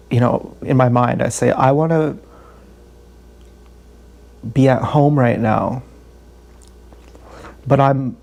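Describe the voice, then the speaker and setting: Man, mellow dark tone, rambling candid storytelling, swears a lot. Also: mid-range voice, gravelly. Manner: swearing, candid, self-deprecating, repeats himself. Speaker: vlogger.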